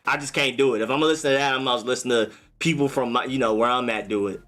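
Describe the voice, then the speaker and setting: A young man hosting a casual live stream, chatting in a relaxed way and answering viewer comments. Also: mid-range voice, rapid-fire, faint music behind.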